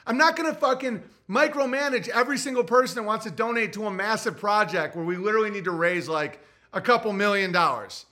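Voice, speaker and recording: A man streaming casually, profane and excitable, laughing often as he reacts to his chat. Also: high-pitched, fast talker. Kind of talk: casual stream chat, reading viewer messages.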